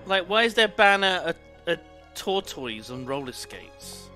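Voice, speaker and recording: A man in his thirties chatting on a live gaming stream, excitable and sweary with loud outbursts. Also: sits high, a little slow, faint music behind. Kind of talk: casual live-stream chat.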